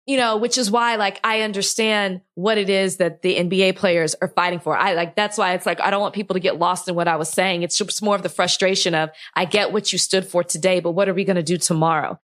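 A woman's voice: lowish voice, fairly even intonation, fairly quick, few pauses, a bit bright. A young woman co-hosting a podcast, speaking with impassioned frustration, near tears, often restarting her sentences. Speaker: podcast co-host. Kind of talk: emotional podcast conversation.

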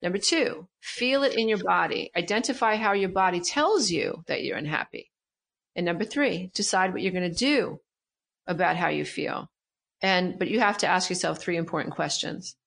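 A woman's voice: fairly low pitch, lively intonation, moderate pace, gravelly, fairly bright tone. A middle-aged woman, a guest coach in an interview, talking emphatically and repeating her key phrases with animation. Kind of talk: interview conversation.

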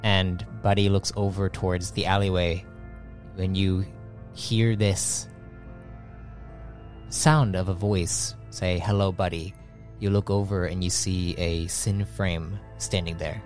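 A man narrating as game master of a tabletop game, halting and repeating words as he goes. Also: deep voice, little pitch movement, faint music behind.

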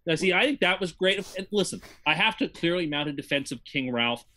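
Bright, mock-pompous male podcaster. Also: fairly high pitch, expressive, brisk. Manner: mock-grandiose, self-aggrandizing, wordy. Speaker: podcast co-host. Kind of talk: casual chat.

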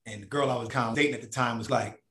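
Animated man telling stories, echoey room. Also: medium pitch, racing. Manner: animated, profane, acts out voices of others. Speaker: podcast guest. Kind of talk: casual storytelling.

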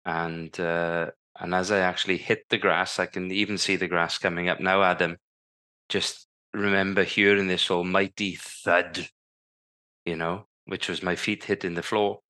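Deep-voiced with a flat, bright, forceful delivery at moderate pace, the guest is a former Paralympic cycling champion in his fifties. On the podcast he narrates vividly, voicing the lines people once said to him.

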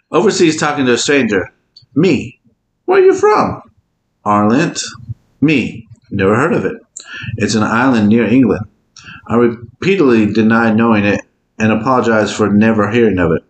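A man's voice: on the low side, normal speed. A man co-hosting a podcast, reading out stories in casual chat and laughing a lot as he tells them. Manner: animated, laughing storyteller. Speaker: podcast co-host. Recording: echoey room, faint hiss.

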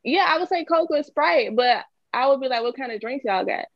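A woman's voice: high-pitched, animated, a little fast, no echo, muffled recording. A woman with a Southern accent, a guest in a casual chat, answering laid-back and brief. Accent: Southern American. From Southern United States, grew up partly in Mississippi.

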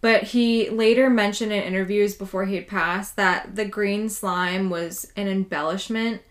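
A woman's voice: mid-range voice, steady tone, measured pace. Casual woman telling a haunting story. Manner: casual, swears freely, lots of "like". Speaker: podcast co-host telling a true haunting story.

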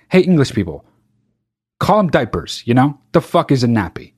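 A man's voice: medium pitch, sing-song, normal speed, husky. A man hosting a podcast, ranting sarcastically and profanely as he reads a news story aloud. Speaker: podcast host. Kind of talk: casual comedic podcast rant.

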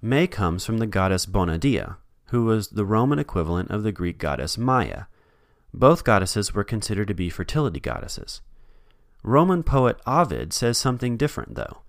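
Man, podcast host, low voice, lively pitch, scripted history narration, dry jokes. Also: moderate pace, vocal fry, dry recording. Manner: wry, joking asides.

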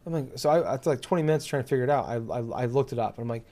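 A man's voice: medium pitch, very fast, mellow. A man in casual chat, ranting with exasperation and heavy swearing, full of fillers.

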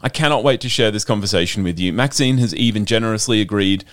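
A male radio host, his voice sitting a little low. He reads his introductions and chats in an effusive way, showing his feelings openly. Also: quick pace, dry recording, clean studio sound. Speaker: podcast host. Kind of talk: radio interview, scripted intro and chat.

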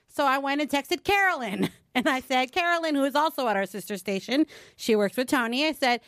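A woman radio co-host telling a story in a brisk, chatty way, quoting messages aloud. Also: high voice, sing-song, a bit bright, no echo, clean studio sound. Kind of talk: casual storytelling.

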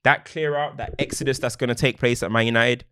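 A man in casual football chat on a podcast, animated and slangy, laughing often. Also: mid-range voice, fairly quick, smooth. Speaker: podcast co-host.

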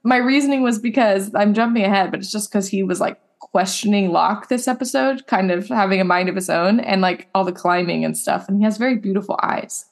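A woman's voice: mid-range voice, fairly quick, hardly any pauses. A young adult woman co-hosting a podcast, chatting casually and rambling with many fillers. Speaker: podcast co-host. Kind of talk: casual chat.

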